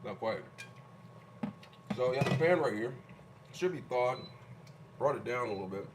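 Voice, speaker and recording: A man in a home kitchen talks his viewers through a meal, narrating each step in a loose, chatty way as he chops and stirs. His voice sits in a middling register, and loud clatter of pots, dishes and cutlery runs under everything he says. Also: medium pitch, expressive, normal speed, background noise. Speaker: home cooking vlogger. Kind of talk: casual cooking demonstration.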